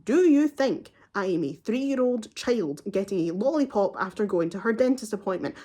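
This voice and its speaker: A woman in her twenties tells a story straight to her viewers in a casual, heated way. She swears freely and slips into quoted back-and-forth, playing both herself and the other person. Her pitch sits in an ordinary middle range for a woman. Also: expressive, moderate pace, mellow. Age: 20s. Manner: heated, swears often, acts out both sides of a conversation. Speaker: vlogger.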